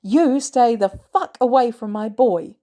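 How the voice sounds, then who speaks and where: A woman voicing a furious, protective middle-aged aunt who shouts and scolds loudly. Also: fairly high pitch, animated, measured pace, voice pushed up. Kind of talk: fan audiobook reading.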